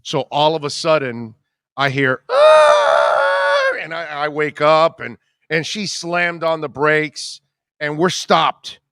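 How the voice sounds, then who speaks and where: A middle-aged man hosting a radio show, telling a long story in casual chat, rambling and animated with many restarts. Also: a little high, measured pace, dry recording, studio quality.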